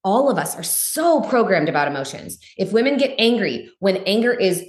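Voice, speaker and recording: A woman's voice: big pitch swings, moderate pace, echoey room. A woman guest on a podcast, talking bluntly and emphatically, swearing freely and saying "like" a lot. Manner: frank and blunt, swears freely, uses lots of "like"; emphatic, voice jumps high for stress. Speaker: guest, spiritual teacher. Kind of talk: candid podcast conversation.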